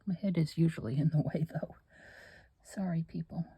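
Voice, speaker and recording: An older woman hosts a craft channel, chatting casually and rambling to herself as she works. Her voice is low, husky, and dark-toned, with a quick pace and no echo.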